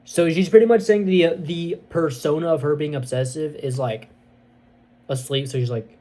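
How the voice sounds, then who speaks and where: A man reviewing a movie, retelling the plot in a casual, excitable, rambling way with many fillers. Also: on the high side, moderate pace.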